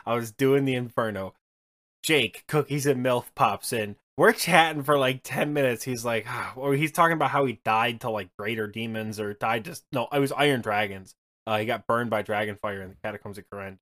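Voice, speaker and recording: A male podcast co-host chatting casually about a video game. He tells his stories with animated energy, laughing and dropping the odd swear word. His voice sits at a middle pitch. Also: fairly quick.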